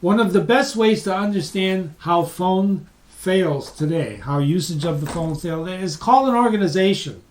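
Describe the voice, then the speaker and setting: This webinar presenter has a high-pitched, lively voice with a slightly mellow quality, moving at a moderate pace with hardly any pauses. He lectures live to an online audience in a conversational way, repeating points for emphasis. The sound is roomy and picked up from a distant mic.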